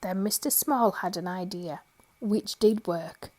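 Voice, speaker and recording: A woman storyteller reading a children's picture book aloud, gentle and expressive. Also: medium pitch, unhurried.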